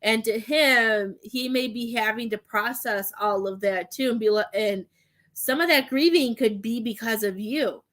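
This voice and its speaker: A woman's voice: a little high, measured pace, fairly bright tone. A woman working as a psychic medium, chatting through a live tarot and mediumship reading in a giggly, rambling way with many fillers.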